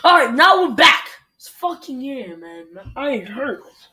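Teen gamer, high voice, bright and sharp, swearing, loud frustrated outbursts, live commentary. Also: big pitch swings, unhurried. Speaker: gamer recording a video.

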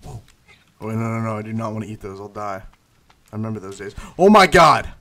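A man hosting casual gameplay commentary, swearing freely and yelling at in-game scares. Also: lowish voice, little pitch movement, fast talker. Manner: profane, shrieks and yells at in-game scares. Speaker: gaming channel host.

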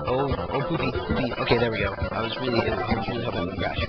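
A young man giving excitable, jokey let's play commentary with sudden shouty outbursts, recorded on a cheap home mic. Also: medium pitch, fast talker, few pauses. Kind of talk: gameplay commentary. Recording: dull lo-fi mic, loud game music.

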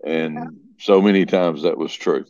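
A middle-aged man, a podcast guest, telling folksy stories in a conversational way and breaking into lively voices when he quotes people. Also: very deep voice, unhurried, no echo. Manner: folksy, animated when quoting others. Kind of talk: conversational storytelling. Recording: dull, slightly lo-fi sound.

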